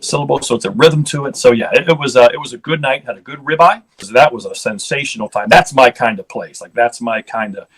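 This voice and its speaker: A man's voice: mid-range voice, quick pace, hardly any pauses, fairly bright tone, breathy edge. A man in his fifties, from Ohio, telling casual stories as a guest, chatty and rambling with restarts. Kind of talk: casual storytelling.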